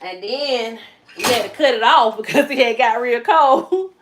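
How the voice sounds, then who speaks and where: Southern woman with a Georgia drawl, slightly high voice, relaxed chatty mom-vlogger, echoey kitchen, faint hiss. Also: measured pace. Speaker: vlogger and mother. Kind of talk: casual live-stream chat with viewers. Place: kitchen at home. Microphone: phone on a tripod.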